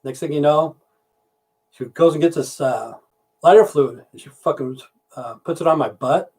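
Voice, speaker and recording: A man's voice: a little high, normal speed, darkish tone, breathy edge. A man who drives trucks and hosts a livestream, telling a long crude joke in a rambling, swear-heavy way. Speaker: livestream host. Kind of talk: casual livestream storytelling.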